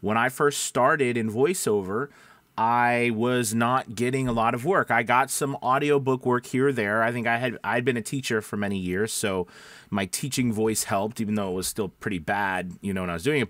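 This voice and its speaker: A man's voice: mid-range voice, normal speed, fairly bright tone, dry recording. A man with a somewhat nasal voice giving casual advice to voice actors, asking viewers questions as he talks. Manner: conversational, restarts, asks viewers questions. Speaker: voice-over coach. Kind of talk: casual advice talk to camera.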